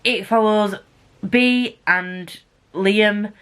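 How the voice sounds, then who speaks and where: A woman's voice: medium pitch, drawn-out words, fairly bright tone, smooth. A young woman chatting casually and enthusiastically about books she read, with playful asides. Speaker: book vlogger. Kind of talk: casual book wrap-up chat.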